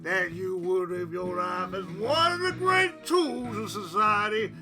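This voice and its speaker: A streamer putting on a stern father who drags out every scornful word to his son, then erupts into loud, gruff scolding. The pace is slow and heavy, and game music plays steadily underneath. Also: medium pitch, natural voice. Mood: mock-solemn. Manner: slow, mock-solemn, then bellowing. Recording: game music playing behind.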